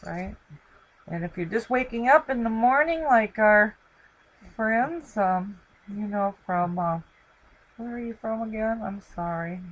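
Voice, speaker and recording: A woman's voice: mid-range voice, rough recording. A middle-aged woman hosting her own channel, chatting casually from home and rambling with lots of fillers. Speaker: channel host. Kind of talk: casual live-stream sign-off chat. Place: home, talking to camera with her dog.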